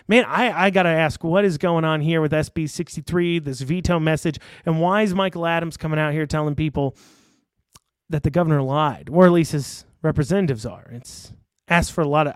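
High-voiced, sarcastic man ranting online. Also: brisk, dry recording. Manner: rambling and sarcastic, lots of fillers and restarts. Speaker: political commentator. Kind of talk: casual online commentary.

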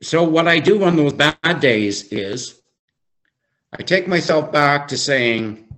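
A man leading a faith-based recovery group, teaching slowly and reflectively, often repeating phrases for emphasis. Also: on the high side, animated, fairly bright tone. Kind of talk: devotional teaching.

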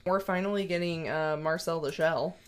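A woman co-hosting a casual movie podcast, relaxed and quick to laugh. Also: lowish voice, clean tone. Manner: laid-back, laughs often. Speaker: podcast co-host. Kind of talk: casual chat.

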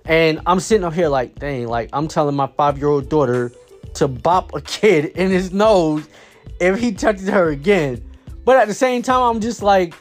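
Man with a slightly high voice, father, casual storytelling, rambling, lots of fillers, faint music behind. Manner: rambling, many fillers and restarts.

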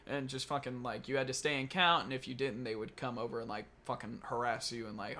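A man's voice: medium pitch, quick pace, few pauses. Young man telling swear-laden stories. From Kentucky. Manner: swears constantly, animated storytelling with laughing asides. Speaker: podcast host. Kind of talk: casual storytelling chat.

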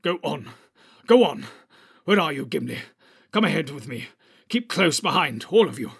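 A man voicing an old male wizard, stern and commanding, giving urgent, forceful orders in a husky voice in an audiobook reading. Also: a little high, moderate pace, heavily acted. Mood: shaken, urgent.

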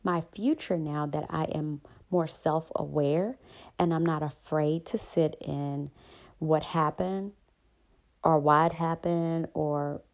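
Low, gravelly, slow-speaking woman. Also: fairly even intonation. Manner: soothing, unhurried, conversational with "right?" asides. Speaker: host. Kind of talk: calm reflective self-help talk.

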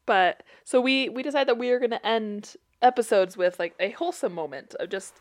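Speaking fairly quickly in a fairly high voice, a young woman co-hosts a laid-back podcast. Her talk is chatty storytelling about amusing family moments, broken up by frequent laughter.

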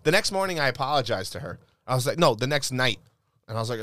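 Young male podcast co-host, fast animated storyteller, dry close mic. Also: medium pitch, no room sound. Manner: rowdy storytelling, acts out quoted lines. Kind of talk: casual chat.

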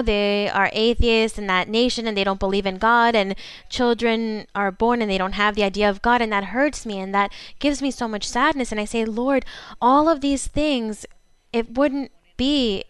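A woman preaching a sermon to her congregation in a fervent way, slowing down for emphasis. Her first language is Spanish. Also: fairly high pitch, clean tone, dry recording. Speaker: pastor.

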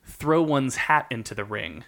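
A man's voice: mid-range voice, expressive, unhurried, a bit bright. A man hosting a quiz, joking with puns and explaining each answer in an easygoing way. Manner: playful, punning, explains answers at length. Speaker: quiz host. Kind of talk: casual quiz banter.

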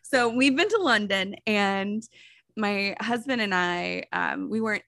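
Lively giggly woman podcast host. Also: medium pitch, a little slow, gravelly, very noisy. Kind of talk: casual chat.

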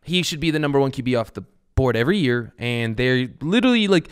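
A man's voice: medium pitch, lively intonation, fast talker, smooth. A young man hosting a fantasy football show, rambling casually and swearing now and then. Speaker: podcast host.

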